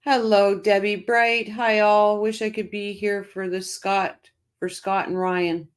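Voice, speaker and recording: A woman's voice: medium pitch, little pitch movement, slow pace. A chatty middle-aged woman hosts a casual livestream. She reads out viewer comments and talks them over, often stopping and restarting her sentences. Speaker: livestream host.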